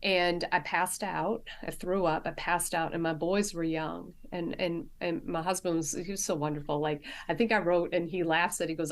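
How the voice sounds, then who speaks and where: A middle-aged woman, a nurse practitioner, sharing personal stories as a podcast guest in a halting way, full of restarts and fillers. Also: lowish voice, fairly even intonation. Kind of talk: candid personal storytelling in a podcast interview.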